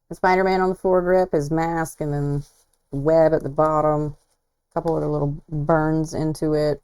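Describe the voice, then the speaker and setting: Chatty woman host, low and mellow, casual and self-deprecating. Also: clean tone, poor audio. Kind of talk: casual livestream commentary.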